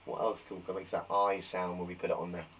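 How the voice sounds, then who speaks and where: A man's voice: deep voice, flat delivery, quick pace, fairly bright tone, slight background noise. A man teaching a spelling lesson to young children, jokey and encouraging as he reads out words. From England. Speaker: primary school teacher.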